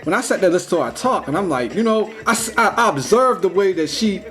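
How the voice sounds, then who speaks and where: A young man talking in a casual, rambling vlog monologue, full of "like" and "you know", slangy and animated. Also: high-pitched, fast. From United States. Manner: rambling, heavy use of "like" and "you know", restarts; slangy, animated when retelling. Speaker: vlogger.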